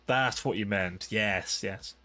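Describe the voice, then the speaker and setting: Hosting a live stream, a young man rambles casually with his chat, giggling and poking fun at himself. He speaks slowly in a lowish, sharp-toned voice, with faint music playing behind him.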